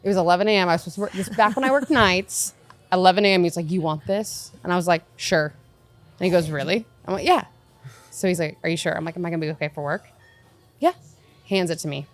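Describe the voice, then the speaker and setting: A woman's voice: lowish voice, fast talker, soft background music. A young woman with a Midwestern American accent, a restaurant server telling stories in casual podcast chat, acting out quotes. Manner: storytelling, acts out quotes.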